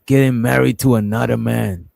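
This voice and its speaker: Slangy guy reacting to a clip, gravelly voice, dry close sound. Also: mid-range voice, steady tone, moderate pace, a little mellow, no room sound. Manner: loose, slangy, incredulous. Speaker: stream host. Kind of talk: casual reaction chat.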